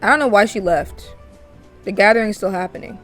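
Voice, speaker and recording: A woman's voice: mid-range voice, a little fast, a bit bright, soft background music. A woman casually narrating a life-simulation game in a chatty, amused way. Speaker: let's play narrator.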